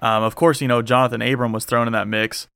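A man's voice: medium pitch, little pitch movement, fast talker, gravelly, a bit bright, no echo. Man, podcast host, casual sports chat, rambling, dry recording. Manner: rambling, many fillers.

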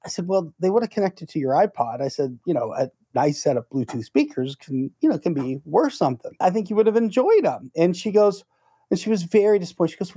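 Middle-aged man, podcast co-host, animated storytelling, mellow voice, dry sound. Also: high voice, fairly quick, slightly rough, dry recording. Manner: animated storyteller acting out quoted lines. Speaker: negotiation instructor.

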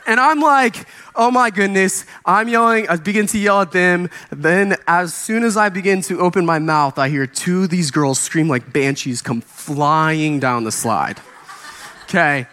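A young adult man preaching as a youth pastor, telling a funny story with animated, acted-out dialogue. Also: a little high, a little slow. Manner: animated, acts out voices in his stories, laughs while telling. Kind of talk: storytelling sermon.

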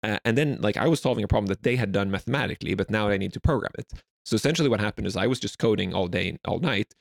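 Fast-talking Swedish man, gravelly. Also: fairly low pitch, no echo, studio quality. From Sweden. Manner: fast, rambling, lots of "like" fillers. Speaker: guest. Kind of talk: casual storytelling interview.

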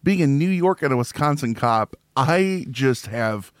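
A man's voice: medium pitch, expressive, unhurried, no room sound, studio quality. A man from Illinois chatting casually on a podcast, joking and rambling with frequent laughs. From Illinois, near Chicago. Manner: jokey, rambling, laughs often.

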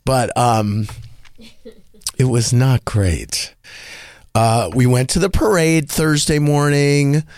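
A man hosting a radio talk show, telling a story in a casual, animated way and acting out the people he quotes. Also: slow pace, long pauses, no echo, clean studio sound. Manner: animated, acts out quoted voices in a higher pitch. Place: radio studio.

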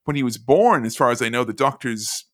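A man's voice: medium pitch, brisk. A man hosting a podcast, telling stories in casual chat and slipping into impressions. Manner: animated storytelling, jumps into impressions. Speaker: podcast host.

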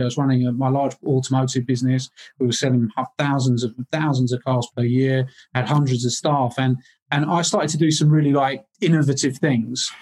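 A man's voice: medium pitch, darkish tone. Confident motivational businessman. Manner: confident, motivational, repetitive emphasis. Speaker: business coach, guest. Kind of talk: casual interview.

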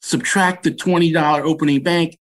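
A man's voice: fairly high pitch, moderate pace. A man in his sixties from Washington, DC, a podcast guest telling stories about his upbringing in an earnest, reflective way. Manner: earnest, animated when recounting anecdotes. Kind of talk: reflective storytelling.

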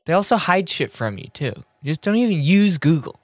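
A man's voice: on the high side, sing-song, dry recording, studio quality. A man co-hosting a podcast, chatting casually with playful jokes and riffs. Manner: playful, quick jokes and riffing. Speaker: podcast co-host. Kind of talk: casual chat.

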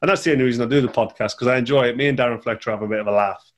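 A man's voice: mid-range voice, racing. A man, chatting casually over a call, rambling and repeating words. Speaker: podcast guest, former boxer. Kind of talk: casual chat.

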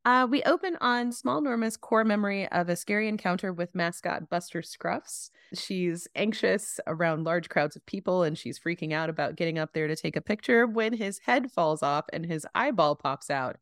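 A woman co-hosting a casual podcast who laughs often and tells an animated recap. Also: lowish voice, moderate pace, few pauses, no echo, studio quality. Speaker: podcast co-host recapping episodes.

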